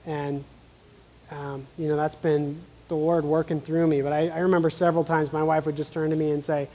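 A man sharing his own reflections in a soft-spoken way during a teaching talk. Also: a little high, flat delivery, a little fast, big-room sound, low-quality recording. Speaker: co-speaker. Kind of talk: sermon discussion.

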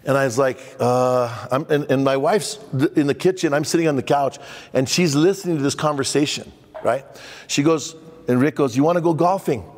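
A man, a pastor leading a men's conference workshop, telling a personal story with lively acted-out dialogue. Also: mid-range voice, moderate pace. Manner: animated storytelling, acting out dialogue. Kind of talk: conference talk with personal stories. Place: large hall before a men's conference crowd. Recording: long hall reverb.

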